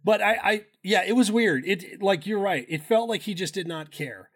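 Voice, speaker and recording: A man's voice: high-pitched, animated, moderate pace, husky. Rambling, profane man talking sports. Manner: loose, profane, rambling with restarts. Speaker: podcast co-host. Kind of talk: casual sports betting chat.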